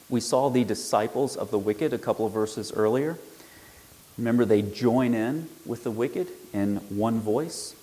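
Man, low voice, Bible teacher, measured explanation, emphatic on key words. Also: darkish tone, slight background noise, low-quality recording.

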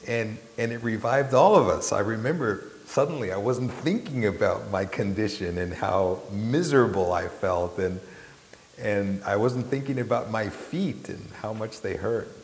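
A man preaching a sermon with impassioned swings in pitch and loudness, often repeating words as he restarts a phrase. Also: a little slow. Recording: echoey hall with faint hiss.

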